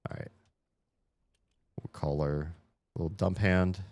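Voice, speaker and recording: On a live stream, a man with a very deep voice slowly talks through a puzzle game, rambling, mocking himself and swearing when he gets stuck. Small wins set off high, excited shouts.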